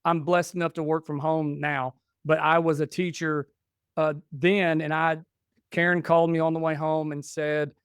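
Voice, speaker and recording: Smooth-voiced man telling family stories. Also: fairly high pitch, moderate pace, no room sound, clean studio sound. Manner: animated, acts out dialogue in stories. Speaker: podcast guest. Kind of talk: casual storytelling chat.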